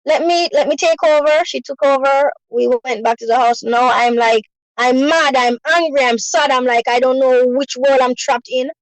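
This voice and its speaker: A woman's voice: sits high, little pitch movement, moderate pace, no echo, rough recording. A woman earnestly telling a personal story, often repeating herself and adding "you know". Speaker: guest sharing a personal story.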